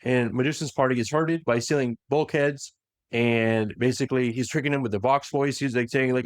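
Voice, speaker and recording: A man's voice: medium pitch, dry recording, clean studio sound. Man animatedly recapping lore. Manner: animated retelling that slips into quick voiced quotes. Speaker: podcast host recapping lore. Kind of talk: casual lore recap chat.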